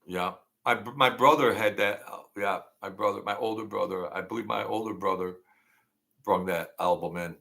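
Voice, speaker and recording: A man's voice: lowish voice, normal speed, gravelly, pushed and bright. A middle-aged man hosting a casual late-night livestream from home, rambling and joking with lots of fillers. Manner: rambling, reminiscing, jokey, with many fillers. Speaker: livestream host.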